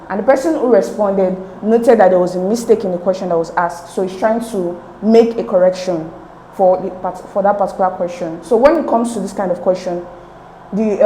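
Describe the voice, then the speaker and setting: A woman's voice: medium pitch, dark tone, reverberant, a little hiss or hum, rough recording. A woman explaining exam questions step by step as a tutor, repeating key points.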